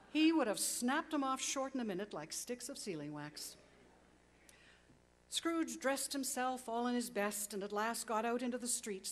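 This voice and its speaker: A woman narrating a classic story aloud with expressive, dramatic pacing that slows on key words. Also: fairly high pitch, slight background noise.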